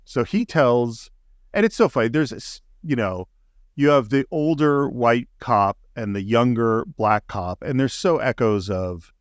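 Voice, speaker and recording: A man's voice: medium pitch, slow, dry recording, studio quality. Enthusiastic man recapping a film. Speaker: podcast co-host. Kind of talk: casual film discussion.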